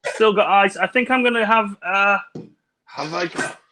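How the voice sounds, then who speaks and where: High-voiced Englishman telling jokey stories. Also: a little slow, over a noisy crowd. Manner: jokey anecdote-telling with put-on quotes. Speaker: co-host. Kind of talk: casual drunken chat on a livestream.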